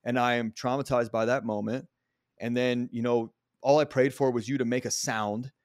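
Speaking at a normal speed with fairly even intonation, this middle-aged man hosts a podcast in a mid-range, darkish voice. He tells personal stories frankly and profanely in casual talk, recorded cleanly in a studio with no echo.

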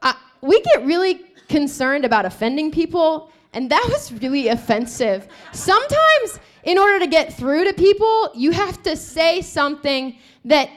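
A woman preaching a sermon, retelling scripture and acting out the dialogue with lively shifts of voice. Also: sits high, normal speed, few pauses.

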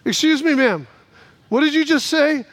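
A man's voice: very high-pitched, normal speed. A man voicing a polite, formal insurance agent who keeps addressing a caller as ma'am. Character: male insurance company agent, polite and surprised.

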